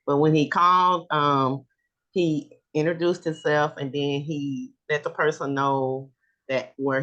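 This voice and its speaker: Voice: mid-range voice, fairly bright tone, highs cut off. A team member recounting a colleague's calls in a meeting, thoughtful and a little hesitant.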